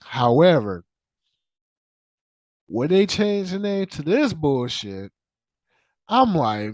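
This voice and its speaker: A man's voice: fairly high pitch, takes it slowly, pauses often, dry recording. A man ranting casually as a podcast host, profane and repetitive, restarting often and trailing off into fillers. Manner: animated, profane, repeats himself, trails off with fillers. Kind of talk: casual rant.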